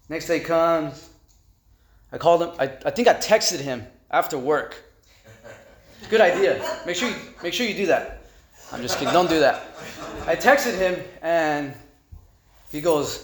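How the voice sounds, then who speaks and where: A man giving personal testimony at a recovery meeting, halting and repeating words with conversational fillers. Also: on the high side, expressive. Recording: echoey room.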